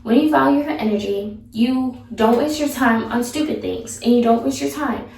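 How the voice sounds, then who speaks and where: A woman's voice: on the high side, moderate pace, gravelly, a little mellow. A young woman vlogger giving blunt, sassy advice in a casual, chatty way. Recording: echoey room, mic far off.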